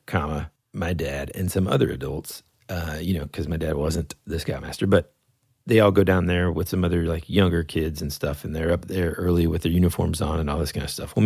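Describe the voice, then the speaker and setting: A man casually telling a funny story, laughing often and acting out shouted lines. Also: low voice, gravelly, breathy edge, no echo, studio quality. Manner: animated, laughs often, acts out yells.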